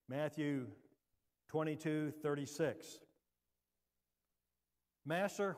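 A male pastor delivering a sermon, moving between loud emphatic preaching and hushed, quiet talk. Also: on the high side, in a large hall. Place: church sanctuary.

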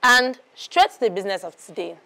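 Woman playing a bubbly TV talk show host, mid-pitched, chatty presenter patter, film drama. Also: big pitch swings, a little fast, creaky, pushed and bright, exaggerated voice. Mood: upbeat. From Nigeria. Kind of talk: Nigerian film acting.

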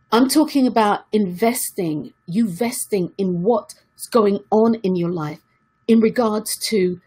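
A woman's voice: medium pitch, darkish tone, breathy edge. A woman giving an earnest motivational talk to her viewers, repeating key questions for emphasis. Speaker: self-help speaker.

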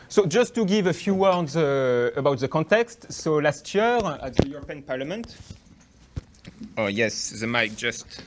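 A man's voice: a little high, very animated, unhurried, a little hiss or hum. A young man from France with a French accent, giving a hesitant academic talk with many fillers and restarts. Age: young adult. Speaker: guest lecturer.

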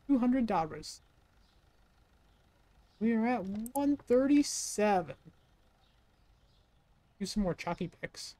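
A woman's voice: fairly high pitch, lively intonation, slow pace, pauses often, mellow, no room sound. A woman streamer giving casual let's-play commentary, cracking jokes and talking to the customers in the game. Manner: joking, chatty asides to game customers. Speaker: gaming streamer.

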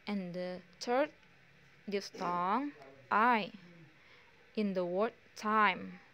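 A young woman with an Indonesian accent, a student slowly reading her pronunciation exam answers with frequent pauses and fillers. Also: mid-range voice, sharp tone. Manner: slow, halting delivery with many pauses and fillers.

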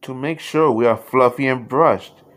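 A gentle mother mouse from a bedtime storybook, speaking softly and calmly, as a man reads her lines. Her words come slow and soothing, close to the reader's own voice. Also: mid-range voice, natural voice. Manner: soft, calm.

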